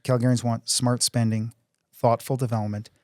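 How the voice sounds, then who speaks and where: A man's voice: mid-range voice, flat delivery, moderate pace, darkish tone, no room sound. A middle-aged man, a council candidate and oil company CEO, speaking earnestly in a casual interview with frequent restarts. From Canada.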